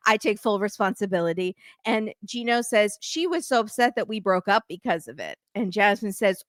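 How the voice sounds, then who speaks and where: A woman's voice: medium pitch, moderate pace, few pauses, no room sound, clean studio sound. A woman hosting a podcast, recapping a reality show in casual chat and acting out the quotes with a wry tone. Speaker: podcast host.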